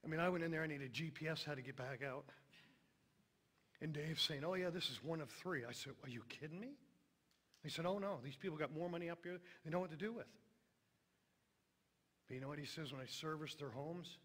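A middle-aged man preaching a sermon, emphatic, then dropping to a hushed voice on tender lines. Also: a little high, brisk, long pauses, slightly rough.

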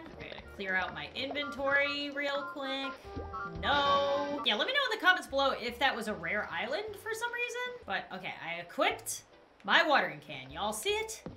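A woman's voice: fairly high pitch, bright, forceful tone. A young woman hosting a gaming video, chatting casually with playful, exaggerated reactions. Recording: roomy echo with faint music.

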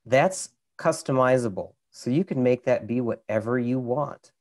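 A man with a Minnesota accent talks over a video call, explaining camera menus in a loose, chatty way. His pitch sits in the everyday middle for a man, and he strings steps together with "like" and "you know.". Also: moderate pace, darkish tone. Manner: chatty, explains step by step with many fillers. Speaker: camera expert.

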